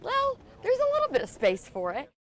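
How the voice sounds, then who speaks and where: Lively high-voiced woman reporting on location. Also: brisk. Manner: lively, chatty walkthrough. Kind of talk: on-camera reporting. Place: inside a submarine.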